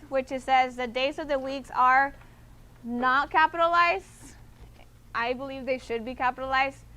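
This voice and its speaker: A woman's voice: on the high side, bright, forceful tone. A woman teaching a Spanish class to students, patient and explaining step by step, often checking in with "okay?". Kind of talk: classroom instruction.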